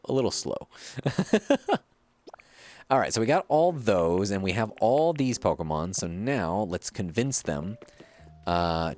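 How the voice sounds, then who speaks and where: Gravelly, lively gaming host. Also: male voice, sits low. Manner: chatty, playful, thinks aloud. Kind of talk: casual let's-play commentary. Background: faint game music.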